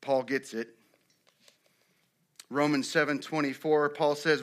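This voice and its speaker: A man preaching a sermon as pastor, animated, acting out quotes with sudden rises and drops in loudness. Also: fairly high pitch, slow, long pauses.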